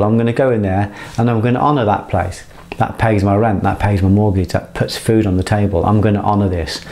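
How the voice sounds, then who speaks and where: A man's voice: fairly low pitch, steady tone, fairly quick, vocal fry, darkish tone. A middle-aged man giving an impassioned motivational monologue, earnest, swearing freely and rambling with restarts. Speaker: motivational speaker.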